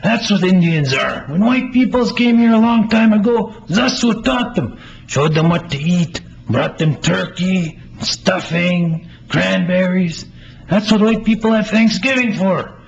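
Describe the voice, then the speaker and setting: An author reading his own play aloud, voicing an excited grown man who boasts and lectures a friend. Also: sits high, a little slow, gravelly, pitched above the performer's own voice, exaggerated voice. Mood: lecturing. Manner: eager, insistent, lecturing a friend. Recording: slightly muffled with faint hiss.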